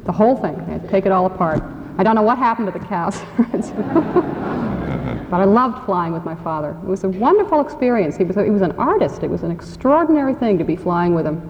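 Female guest speaker, mid pitch, anecdotal storytelling, church hall reverb. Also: lively intonation, brisk, a little hiss or hum. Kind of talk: storytelling at a public forum. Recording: reverberant hall, dull radio sound.

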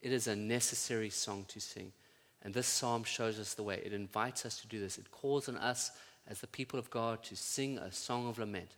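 A pastor preaching a sermon to his congregation, building to loud fervent peaks and then dropping to quiet, tender prayer. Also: lowish voice, steady tone, normal speed, hardly any pauses. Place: church. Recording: church sound with long reverb.

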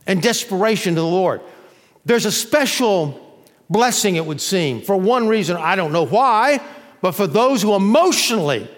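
A man's voice: animated, moderate pace. Man preaching in a reverberant hall. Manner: preaching with sudden swells into loud crying-out; drops to a hushed, low voice at tender moments. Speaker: pastor. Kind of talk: sermon. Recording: long reverb of a large hall.

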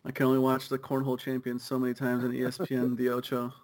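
A man's voice: mid-range voice, monotone, darkish tone. A young man co-hosting a soccer podcast, chatting casually and riffing with easy laughs. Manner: laid-back, quick riffing with laughs. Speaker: podcast co-host.

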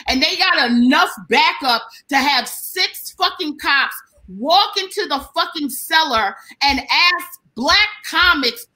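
Woman, high pitch, bright tone, profane, animated storyteller, casual chat. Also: takes it slowly, hardly any pauses, low-quality recording. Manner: profane, animated, acts out the people in her story. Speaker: comedian telling a story.

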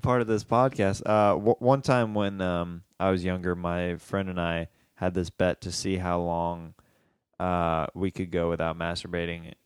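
A man's voice: sits low, level tone, measured pace, clean tone, dry recording, clean studio sound. A man from the Midwest co-hosting a podcast in casual, joking chat, often restarting his sentences. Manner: joking, laid-back, often restarts phrases. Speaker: podcast co-host.

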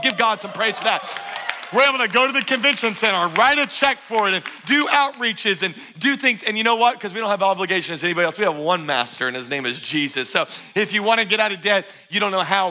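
A pastor preaches at a church service, fervent and emphatic, urging his congregation again and again. His voice sits high and sounds pushed and bright.

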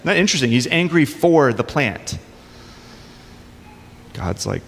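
A man's voice: mid-range voice, big pitch swings, a little slow, gravelly, pauses often, long reverb tail, slight background noise. A man preaching a sermon in a conversational way, with casual asides. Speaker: pastor.

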